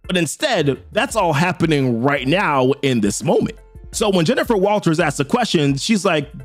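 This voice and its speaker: A man casually recapping a comic story in a slangy, excited way, as host. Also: on the high side.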